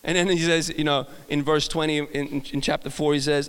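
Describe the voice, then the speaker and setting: A man's voice: fairly high pitch, level tone, brisk, fairly bright tone, clean tone. A man with a Swedish accent preaching a sermon, telling stories with frequent restarts and repeated words. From Sweden. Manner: storytelling with frequent restarts and self-laughter. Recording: long hall reverb.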